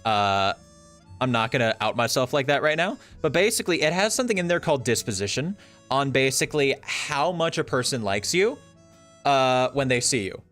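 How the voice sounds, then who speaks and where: Guy streamer just chatting, rambly, voice jumps all over, bit of music behind. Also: medium pitch. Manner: rambling, animated, lots of fillers. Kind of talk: casual chat. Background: faint music.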